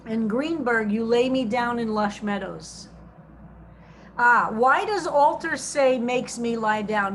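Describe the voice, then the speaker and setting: A woman's voice: fairly high pitch, a little hiss or hum, rough recording. A woman rabbi teaching a psalm study class over a video call, patiently explaining Hebrew grammar and reading translations aloud.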